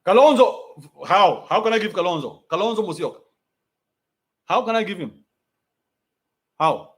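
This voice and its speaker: A young adult commentator with a Kenyan accent rants bluntly in a profane, mocking livestream. His high-pitched voice is expressive and moves at a normal speed.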